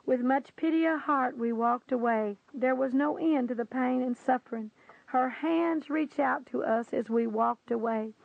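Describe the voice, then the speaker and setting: A woman solemnly reading a first-person testimony aloud, slow and earnest, pleading at times. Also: high voice, gravelly, no room sound. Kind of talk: solemn scripted narration. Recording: tinny phone-like sound.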